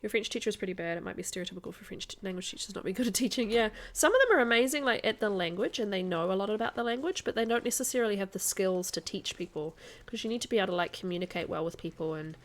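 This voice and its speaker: While streaming a video game, a woman chats casually with viewers, answers their comments, and laughs often. Her mid-range voice is lively in intonation, and she talks rapid-fire with hardly any pauses.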